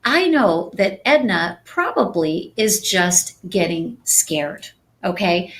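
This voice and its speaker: Calm, slow-talking woman coach. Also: on the low side, slight background noise. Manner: calm, slow and soft-spoken. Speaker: real estate sales coach. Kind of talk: live-stream training talk.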